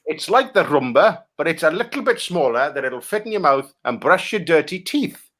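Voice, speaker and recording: A man from Wales, a guest on a comedy show, pitching absurd products in rambling, sweary banter. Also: big pitch swings, moderate pace, very noisy. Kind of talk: improvised comic pitch.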